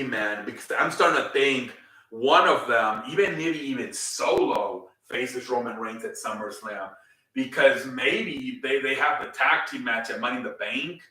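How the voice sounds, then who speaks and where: A man's voice: medium pitch, bright, forceful tone. A man casually recapping a wrestling show, rambling with many fillers and repeated words. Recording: roomy echo, a bit far from the mic.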